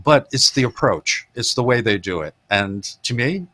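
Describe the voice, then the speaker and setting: A man's voice: mid-range voice, animated, moderate pace, sharp tone. A man hosting a podcast, animatedly retelling film scenes in casual chat and laughing often. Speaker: podcast host.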